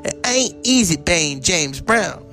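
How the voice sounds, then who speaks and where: A man's voice: sits high, big pitch swings, slow pace, pushed and bright, faint music behind, pitched above the performer's own voice, full character voice. A man doing a pleading, aging soul singer.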